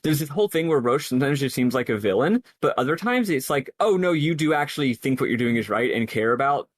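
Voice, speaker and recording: A man's voice: medium pitch, animated, fast, no room sound. Rambling thoughtful man, dry sound. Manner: thoughtful, rambling with many fillers. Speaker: podcast co-host. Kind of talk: casual discussion.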